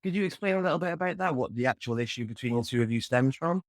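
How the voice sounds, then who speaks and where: A man's voice: mid-range voice, animated, racing, no room sound, studio quality. A man hosting a podcast, putting a brief, direct question to his guest. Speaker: podcast host. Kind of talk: interview question.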